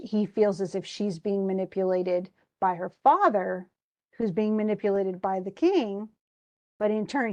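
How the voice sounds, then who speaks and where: A woman's voice: mid-range voice, warm tone. A woman teacher casually retelling a play, chatty, putting its lines into everyday speech.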